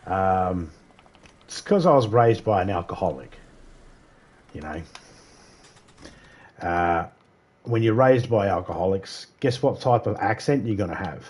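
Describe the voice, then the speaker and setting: A man's voice: low voice, lively intonation, a little slow, long pauses, a little mellow, husky. A man streaming a video game live, chatting casually with slightly slurred speech, rambling through stories and laughing often. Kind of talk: casual chat while gaming live.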